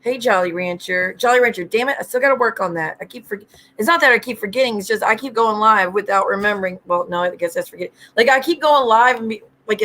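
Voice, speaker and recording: A woman's voice: medium pitch, fairly bright tone. A woman hosting a casual livestream, greeting viewers by name and ranting bluntly with lots of swearing. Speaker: livestream host.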